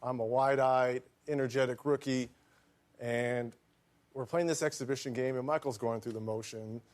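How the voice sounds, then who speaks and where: A former basketball player telling an anecdote in an articulate, amused way. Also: male voice, mid-range voice, fairly even intonation, normal speed, darkish tone. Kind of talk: anecdote on a talk show.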